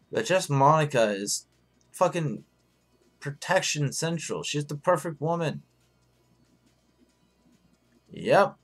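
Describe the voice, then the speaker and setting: A man hosting a live stream in casual chat, hoarse and rambling, swearing freely as he answers his viewers. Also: medium pitch.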